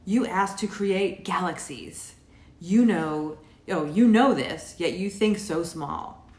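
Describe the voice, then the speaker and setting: A woman voicing a wise female earth spirit who speaks in a calm, lofty, urging way, recorded in an echoey room. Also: on the low side, takes it slowly.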